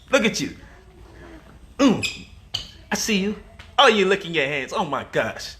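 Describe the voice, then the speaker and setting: A man's voice: sits high, sing-song, slow, a little hiss or hum. Playful man hosting a home cooking vlog. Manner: playful, coos and teases his baby daughter. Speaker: cooking show host. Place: home kitchen.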